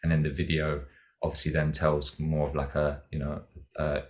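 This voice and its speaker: A man speaks as a podcast guest in a very deep, low voice. He talks in a reflective, meandering way, circling back and restarting his thoughts with plenty of fillers. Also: completely flat delivery, normal speed. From Britain. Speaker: podcast guest, dancer and singer. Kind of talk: casual interview chat.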